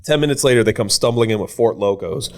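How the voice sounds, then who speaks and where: A man in his twenties, a podcast guest, telling a story in an animated, casual way, swearing freely and acting out what others said. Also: mid-range voice, fast talker. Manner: animated, swears freely, acts out quoted voices.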